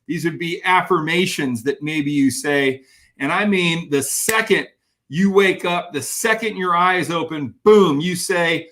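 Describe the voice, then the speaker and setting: A man giving an energetic live-streamed motivational talk as a keynote speaker, greeting viewers by name as he reads their comments. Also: fairly high pitch, unhurried.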